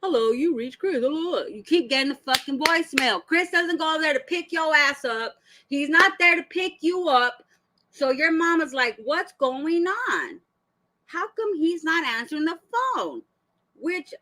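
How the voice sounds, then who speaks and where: Lady ranting on her reaction channel, cussing a lot, kinda high sharp voice. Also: rough recording. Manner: blunt, profane and heated; rhetorical questions to the subject. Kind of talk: casual reaction commentary.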